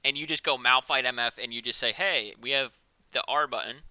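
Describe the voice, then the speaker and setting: Guy casting esports live, super bright voice, jokey and excitable, dry close mic. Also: medium pitch, no room sound. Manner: joking, excitable, fast analytical patter. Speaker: esports caster.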